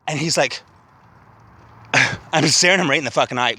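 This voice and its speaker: A man vlogs into a handheld phone as he walks outdoors, talking in a rambling, emotional, profane way. His voice is fairly high and bright and swings widely in pitch. Faint traffic hums behind him. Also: animated, brisk, pauses often. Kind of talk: rambling walk-and-talk vlog. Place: outdoors walking past a city cemetery.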